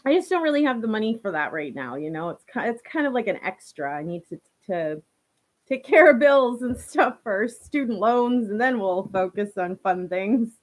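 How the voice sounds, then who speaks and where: Slightly high-pitched with lively intonation and a moderate pace, this young Canadian host chats through a casual live stream, reading viewers' comments. She's warm, laughs often, and says "like" and "you know" a lot.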